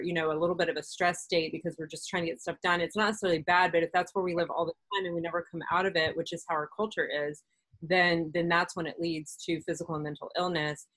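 Woman host, lower voice, chatty, filler-heavy explainer, dry close sound. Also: steady tone, fast talker, a bit bright, dry recording, rough recording. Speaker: podcast host, doctor. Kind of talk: casual conversational interview.

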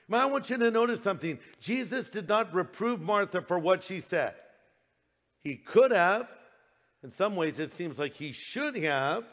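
A man's voice: sits high, expressive, moderate pace, a bit bright, long reverb tail. An older man, a pastor, preaching a sermon in a conversational way, slipping into quoted voices.

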